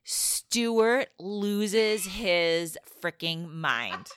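A woman's voice: lowish voice, sing-song, very slow, a bit bright, a little hiss or hum. A woman co-hosting a podcast, reacting to the story with short interjections in casual chat. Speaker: podcast co-host.

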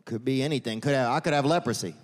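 A man's voice: mid-range voice, fast talker. A man doing a stand-up comedy set on a theater stage, rambling through meandering digressions and leaning on "man" and "you know.". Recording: reverberant theater with faint audience ambience.

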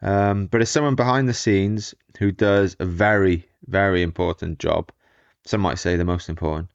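Relaxed man co-hosting a podcast. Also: deep voice, moderate pace, vocal fry, no room sound, highs cut off. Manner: relaxed, self-deprecating, jokey. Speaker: podcast co-host. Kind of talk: casual podcast chat.

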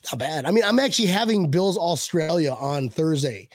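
A man hosting a casual podcast chat who gets excited, laughs a lot and stumbles over his words. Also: fairly high pitch, normal speed, no room sound. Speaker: podcast host.

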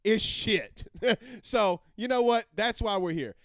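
A man's voice: sits high, lively intonation, slow pace, fairly bright tone, dry recording, clean studio sound. A man hosting a live sports talk show, brash and rambling, repeating himself as he answers viewer comments.

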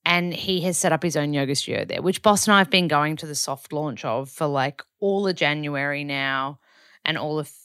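Chatty Australian woman, low voice. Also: normal speed, a bit bright, clean tone, no echo, studio quality. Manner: chatty, rambling with self-corrections. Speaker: podcast host. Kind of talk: casual weekly diary chat.

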